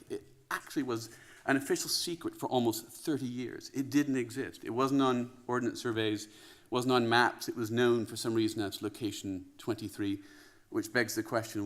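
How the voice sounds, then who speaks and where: A man with a Canadian accent giving a relaxed, wry welcome speech as conference host, with frequent "um" fillers. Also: mid-range voice, brisk. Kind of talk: welcome address. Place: conference venue in a tower.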